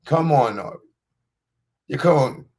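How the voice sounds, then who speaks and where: A man's voice: fairly high pitch, lively intonation, a little slow, a little mellow, voice pushed up. A man putting on the voice of a sly male record executive who coaxes and taunts a rapper in a sing-song way. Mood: coaxing.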